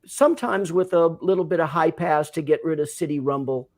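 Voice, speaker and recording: An older man, a sound designer guest, explaining his work in a measured, thoughtful way in a casual interview. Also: on the high side, a little mellow.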